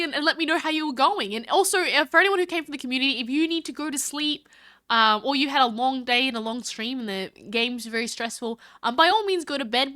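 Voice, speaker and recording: A woman chats casually on a live stream, reading the chat aloud and thanking viewers in a bubbly, scattered way. Her voice is high-pitched, bright, and pushed.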